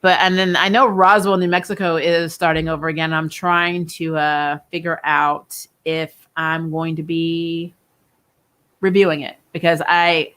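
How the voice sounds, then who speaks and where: A woman's voice: low voice, level tone, a little slow, a bit bright, clean tone. A young adult woman hosting a casual live-stream chat about TV shows, talking loosely, laughing often and trailing off mid-sentence. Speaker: host of a TV review channel.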